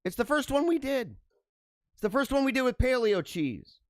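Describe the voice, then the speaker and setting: A man with a high, very lively voice hosts a casual news-riffing show, reading headlines and then wandering into playful, laughing asides. The sound is dry and close, with no room echo. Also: normal speed. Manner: animated, laughs and riffs between read-aloud headlines. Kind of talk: casual commentary on news items.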